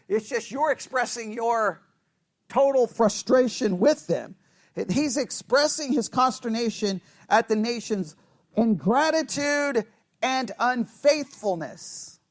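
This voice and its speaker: A man with a very high voice leads a Bible study in a relaxed, conversational way. He throws questions at his class and acts out the lines he quotes. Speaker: Bible teacher.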